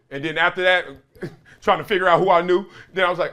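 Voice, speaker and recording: A middle-aged man talking straight to his audience in a loose, conversational way. His voice sits a little high, and he shifts between punchy emphasis and soft, reflective asides. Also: fast talker. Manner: emphatic, earnest, swings loud to quiet. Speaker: show host and commentator. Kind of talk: casual solo commentary to camera.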